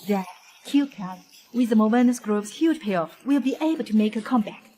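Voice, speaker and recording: A woman's voice: a little high, lively intonation, moderate pace, mellow, slight background noise, lightly acted. A scheming young heiress, acted by a woman in a dubbed drama, full of jealousy. Her delivery is spiteful and grasping.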